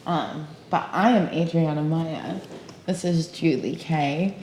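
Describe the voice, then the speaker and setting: A woman's voice: sits low, takes it slowly, a little mellow. A woman hosting a podcast in casual chat, bubbly, giggly and profane. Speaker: podcast host. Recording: echoey room, faint noise.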